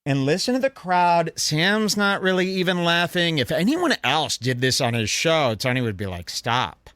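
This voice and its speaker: A man's voice: on the high side, expressive, moderate pace, fairly bright tone, clean tone, dry recording, clean studio sound. A man hosting a podcast, mocking and sneering in casual commentary over video clips. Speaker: podcast host.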